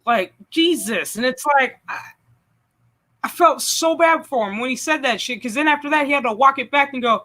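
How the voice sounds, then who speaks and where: A man hosting a casual stream chat, animated and profane, laughing often as he talks. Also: very high-pitched, brisk. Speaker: channel host.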